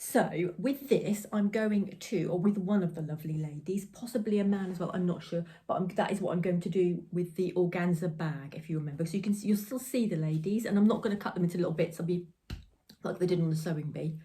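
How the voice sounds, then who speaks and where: Chatty woman with a mellow voice. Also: on the low side, fairly quick. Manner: chatty, rambling, giggly. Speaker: crafting podcast host. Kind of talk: casual chat. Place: home crafting room.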